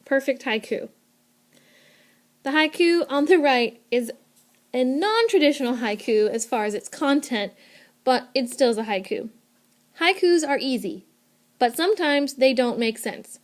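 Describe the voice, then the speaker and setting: A woman's voice: high-pitched, lively intonation, unhurried, pauses often. Upbeat young woman teaching a lesson. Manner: clear, upbeat teacherly explaining with emphatic repetition. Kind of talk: recorded lesson narration over slides. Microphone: tablet microphone.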